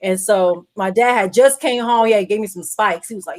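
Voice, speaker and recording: A woman's voice: mid-range voice, fairly quick. A woman hosting a podcast, chatting casually and telling a story of her own while acting out the voices in it. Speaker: podcast host.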